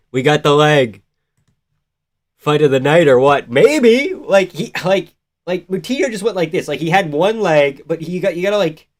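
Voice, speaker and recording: A man doing casual, profane live-stream commentary on a fight from a room in his house. He shouts at big moments and talks low between them. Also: dry recording. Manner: excitable, profane, yells at the screen then chats quietly.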